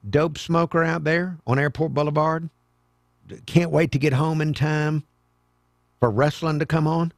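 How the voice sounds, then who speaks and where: A man hosting a talk radio show, delivering a sarcastic, mocking monologue with sudden loud outbursts. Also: fairly high pitch, steady tone, a little slow, no room sound, studio quality. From American South. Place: radio studio. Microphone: studio microphone.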